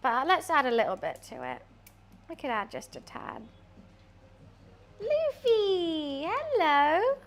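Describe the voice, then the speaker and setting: A woman's voice: on the high side, huge pitch swings, moderate pace, a bit bright. A young woman chatting casually on a cooking live stream, rambling through asides in her home kitchen.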